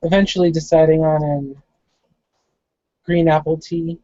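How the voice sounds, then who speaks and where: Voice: mid-range voice, flat delivery, measured pace, mellow, dry recording, dull audio. A game master casually narrating a tabletop game and voicing its figures.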